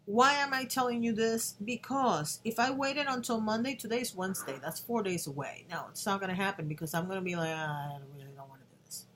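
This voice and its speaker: A woman's voice: fairly high pitch, fairly quick, few pauses, a bit bright, slight background noise. A woman in her fifties talking earnestly to the camera in a personal vlog, with frequent restarts and emotional moments. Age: 50s. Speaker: vlogger.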